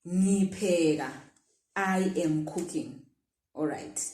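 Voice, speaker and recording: A woman's voice: medium pitch, lively intonation, a little slow, warm tone. A woman teaching a language lesson, patiently repeating phrases and modelling the question intonation. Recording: echoey room.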